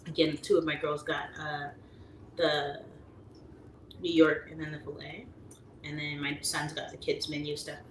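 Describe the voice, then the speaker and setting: A woman's voice: low voice, a bit bright. A woman hosting a casual livestream, chatting and reading out viewer comments, who slips into playful voices when she tells stories. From United States. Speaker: livestream talk show host. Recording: roomy echo, faint background noise.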